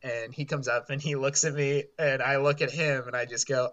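A young man co-hosting a podcast, telling a story in a casual, animated way and laughing often. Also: medium pitch, moderate pace, over a noisy crowd. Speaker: podcast co-host.

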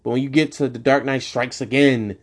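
A young adult man hosting his own podcast, ranting casually and profanely, his voice jumping high when he gets annoyed. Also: steady tone, brisk. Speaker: podcast host. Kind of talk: casual solo podcast rant.

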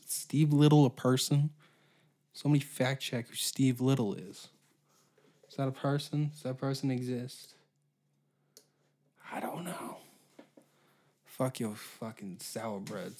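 A man's voice: mid-range voice, normal speed, darkish tone. Profane ranting man in his twenties. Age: 20s. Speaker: podcast host. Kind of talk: solo comedy podcast rant.

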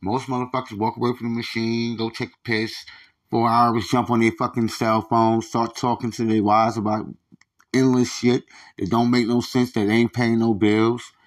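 A podcast host with a mid-range voice and little pitch movement talks at a moderate pace. His casual ranting monologue is profane and stammering, full of restarts as he vents.

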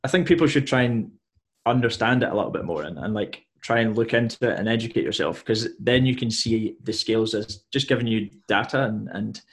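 A man's voice: on the low side, a little fast. A man hosting a casual podcast chat, laid-back and telling a story about a client. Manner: laid-back, mostly brief agreement, tells a client anecdote. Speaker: podcast host and personal trainer.

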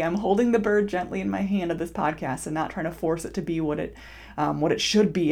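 A woman in her thirties hosts her own podcast as a mindset coach. She talks in an unscripted, encouraging way, circling back with fillers and soft asides. Her voice sits a little low, with a gravelly fry at the ends of phrases. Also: fast talker. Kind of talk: casual solo podcast talk.

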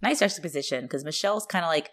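A woman's voice: sits low, rapid-fire. A woman co-hosting a podcast, chatting casually about an episode, playfully acting out the characters' lines and laughing often. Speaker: podcast co-host. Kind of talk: casual chat recapping a TV episode.

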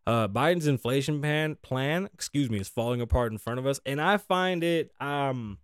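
A man's voice: medium pitch, animated, normal speed, smooth, dry recording, clean studio sound. A young man hosting a casual news podcast, ranting sarcastically with heavy swearing and mocking asides. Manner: profane, rambling, sarcastic rants with mocking asides. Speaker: podcast host.

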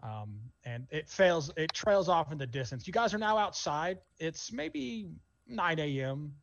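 Man, game master, slightly high voice, loose casual narration. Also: sing-song, vocal fry, dull audio, a little hiss or hum. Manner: casual, halting, many fillers.

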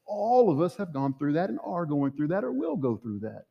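A man's voice: fairly high pitch, sing-song, normal speed, gravelly, dull audio. Earnest preacher man in a reverberant hall. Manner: earnest, pleading, rhythmic repetition. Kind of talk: sermon. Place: church sanctuary. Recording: long reverb of a church hall.

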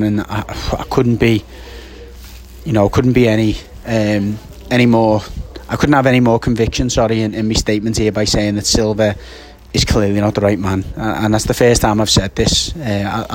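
A man, a little out of breath, co-hosting a casual post-match football reaction and stumbling over his words. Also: lowish voice. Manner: halting, many restarts and fillers. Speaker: football podcast co-host.

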